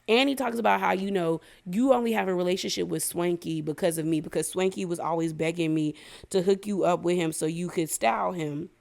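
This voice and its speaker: A woman's voice: on the low side, gravelly, darkish tone. A woman recapping a reality show in a casual, opinionated, slangy way, talking straight to her viewers. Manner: gossipy, opinionated, slangy, addresses viewers directly.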